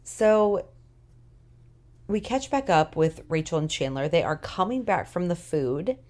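A woman co-hosting a podcast, recapping a TV episode in a casual, animated way with emphatic opinions; she is tired. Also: on the low side, a little slow. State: tired, yawning. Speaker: podcast co-host.

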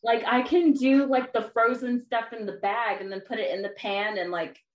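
A woman's voice: on the high side, fairly even intonation, moderate pace. A woman in her twenties co-hosting a podcast, blunt and laughing, swearing casually. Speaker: podcast co-host. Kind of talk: casual chat. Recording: roomy, off-mic.

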